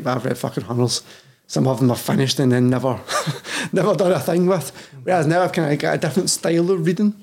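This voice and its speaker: A man's voice: mid-range voice, gravelly, darkish tone, husky. A Scottish man in his thirties, a personal trainer talking candidly as a podcast guest, swearing freely and calling the host "mate" constantly. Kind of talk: casual podcast chat.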